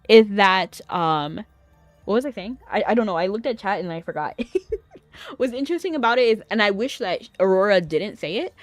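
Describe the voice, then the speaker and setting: A woman's voice: medium pitch, no room sound. A young adult woman streaming a game, chatting casually, often giggling and rambling between read-out dialogue.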